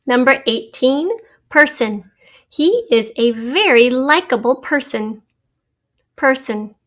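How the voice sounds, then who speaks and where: A woman's voice: sits high, lively intonation, slow pace, a bit bright. A woman teacher giving a spelling test, then going through the answer key, patiently spelling words out letter by letter.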